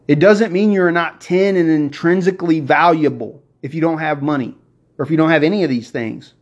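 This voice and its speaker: Excitable preachy man, slightly high voice. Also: fairly quick. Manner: excitable and preachy, works himself up. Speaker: podcast host. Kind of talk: motivational podcast monologue. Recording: dull lo-fi recording.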